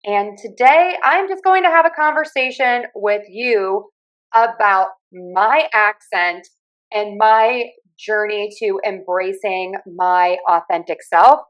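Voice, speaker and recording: Female podcast host with a light Pittsburgh accent, measured and clear, teaching as she talks. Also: mid-range voice, highs cut off. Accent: Pittsburgh, softened by years in other US regions. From Western Pennsylvania. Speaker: podcast host and communication coach. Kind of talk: solo podcast talk.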